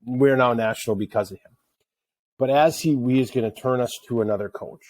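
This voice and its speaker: A middle-aged podcast co-host from Wisconsin, chatting with joking, animated energy. His voice sits at an ordinary pitch and is recorded very dry, close and free of room sound. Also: a little fast, no room sound. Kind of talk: casual chat.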